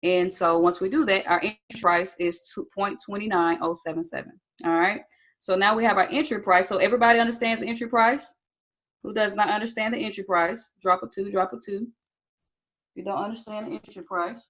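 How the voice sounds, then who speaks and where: Heard on a rough recording, a young female trading instructor runs a live online class, brisk and a bit bright in her mid-range, fairly even voice. She's casual and chatty, says "you guys" and "y'all," checks in with "okay?" and asks viewers to answer in chat.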